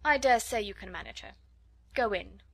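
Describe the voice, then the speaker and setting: A woman's voice: mid-range voice, animated, normal speed, vocal fry. A woman voicing a severe, stately headmistress in a storybook reading. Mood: cool. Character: stern, stately middle-aged headmistress.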